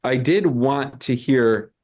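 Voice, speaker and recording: Hosting an online comedy show through a video call mic, a man with a mid-range, darkish voice chats loosely in casual live-stream banter. He rambles, stammers into restarts, and tosses off quick asides.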